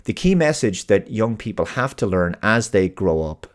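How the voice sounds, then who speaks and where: A man's voice: lowish voice, sing-song, moderate pace. An Irish man hosting his own show, delivering an earnest, emphatic opinion monologue. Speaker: host.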